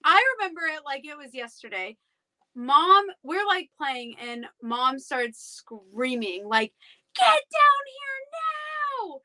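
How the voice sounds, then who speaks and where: A young adult woman co-hosting a podcast, telling family stories in an animated, chatty way. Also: high-pitched, slow. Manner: animated storyteller. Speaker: podcast co-host. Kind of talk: casual chat.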